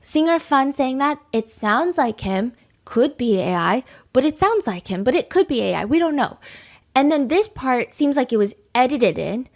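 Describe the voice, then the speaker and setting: A woman hosts a casual podcast, her voice sitting a bit high. She tells the story in quick, animated bursts and keeps dropping in asides. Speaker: podcast host.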